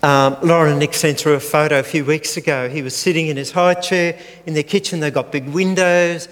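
Older male preacher, slow and earnest, slightly high voice, long church hall reverb. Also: fairly even intonation, a bit bright. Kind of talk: sermon.

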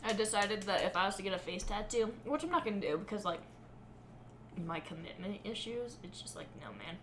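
A woman's voice: medium pitch, fairly quick, background noise. A young woman chatting casually with friends, goofy and self-mocking. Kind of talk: casual chat among friends.

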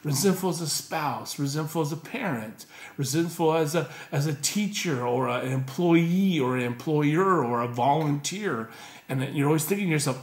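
Animated male pastor, echoey room. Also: fairly high pitch, normal speed. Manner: animated, conversational preaching with rhetorical questions. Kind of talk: sermon. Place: church.

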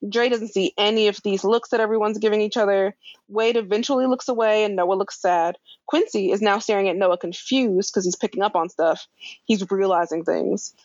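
A woman's voice: medium pitch, a little mellow, no echo, lo-fi sound. Laid-back woman recapping, dry sound. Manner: laid-back, swears casually, laughs often. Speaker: podcast co-host recapping a show. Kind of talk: casual recap chat.

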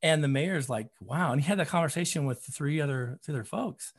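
A man with a slightly high voice tells a story from his work as a therapist and running coach. He talks casually, full of fillers, and lively when he acts out what people said. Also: quick pace, husky. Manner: animated, acts out quotes, many fillers like "you know" and "man".

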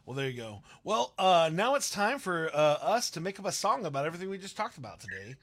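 A man's voice: a little high, sing-song, fast, a bit bright. A man co-hosting a casual live-stream chat, candid and self-deprecating, laughing often as he talks. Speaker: co-host and beatboxer.

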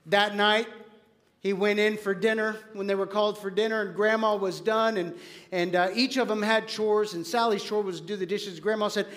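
A pastor, a man, delivering a sermon in a notably high voice. He tells stories with energy, acting out quoted lines, then drops low and earnest to press his point home. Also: normal speed. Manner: animated storytelling, acts out quoted voices; drops to quiet, earnest tone for application.

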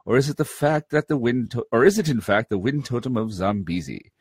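A podcast co-host with a husky, slightly breathy, medium-pitched voice talks a little fast, his tone swooping up and down as he jokes through a casual chat. He reads listener mail animatedly amid laughing banter, and the recording is close and dry.

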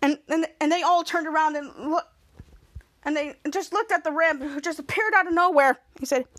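In this casual episode recap, a podcast host walks through a TV episode one scene at a time, performing the quotes in a higher pitch and frequently starting her sentences over. She speaks at normal speed with a fairly bright tone, and there's no room sound.

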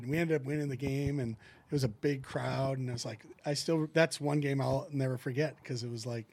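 A middle-aged man spins hockey yarns in an easygoing, conversational way. His voice sits at an ordinary middle pitch, and he slips into the voices of the people in his stories as he goes. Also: fairly quick. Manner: animated anecdotes, acting out what people said. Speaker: guest, former hockey goalie who coaches goalies. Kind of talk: casual storytelling in a podcast chat.

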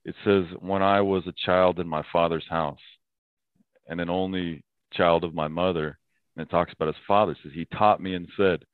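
A man's voice: sits low, fairly even intonation, moderate pace, clean tone, no room sound. A man as a podcast guest in casual talk, earnest, often quoting scripture and laughing easily. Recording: thin phone-like sound.

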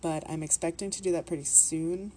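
Canadian woman host, slight Minnesotan lilt, low mellow voice, chatty and laughing, faint hiss behind. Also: steady tone, fairly quick. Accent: Canadian, with a put-on Minnesotan lilt. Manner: rambling, laughing, swearing often. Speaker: podcast host. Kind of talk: casual podcast intro chat.

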